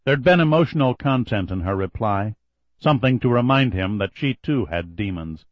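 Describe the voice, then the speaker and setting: A man reading a novel aloud in a measured, even storytelling manner. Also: on the low side, no room sound, dull audio. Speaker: audiobook narrator. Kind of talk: scripted narration.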